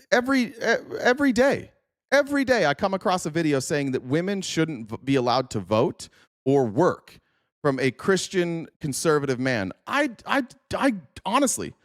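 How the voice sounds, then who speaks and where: A man hosting a reaction commentary stream, animated, sarcastic and profane. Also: mid-range voice, dry recording, clean studio sound. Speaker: host.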